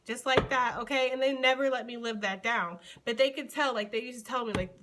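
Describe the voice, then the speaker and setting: A woman from the United States giving a casual tarot reading to her viewers. Her voice sits a little high, and she is chatty and animated. She keeps calling the listener honey and sweetie. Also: a little fast, hardly any pauses. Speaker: tarot reader.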